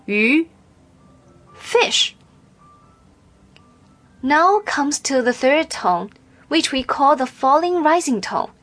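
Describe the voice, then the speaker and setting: A woman's voice: high-pitched, slightly rough. A woman teaching pronunciation in a scripted language lesson, modeling sounds with careful, exaggerated drills.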